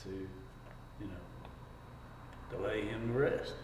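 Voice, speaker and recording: Halting man in a noisy echoey hall. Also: sits low. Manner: halting, heartfelt, slow pauses. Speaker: fire chief. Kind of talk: casual remembrance. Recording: echoey hall from far off, clear background noise.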